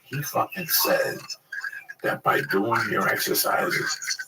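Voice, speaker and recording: A man from Cuba telling stories in casual, profane, animated chat. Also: mid-range voice, slow. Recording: distant mic, loud background noise.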